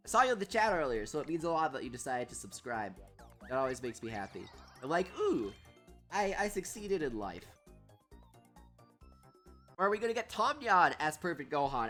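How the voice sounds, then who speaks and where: A man hosting a casual gaming livestream with a stuffed-up nose. He reads out chat names and yells excitedly at the game. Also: on the high side, moderate pace, faint music behind.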